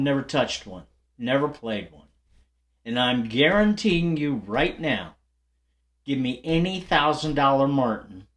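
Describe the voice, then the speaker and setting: A man's voice: mid-range voice, fairly bright tone. An older man who hosts a guitar channel, telling viewers a casual, rambling story full of fillers and restarts, with light laughs along the way.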